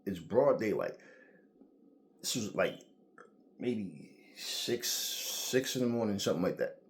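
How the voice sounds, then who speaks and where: A man with a lowish voice rants casually to his viewers. He tells stories in a loose, profane way, full of slang and lively asides. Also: slow pace. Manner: profane, animated storytelling with slang. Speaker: boxing commentator. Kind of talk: casual rant to camera.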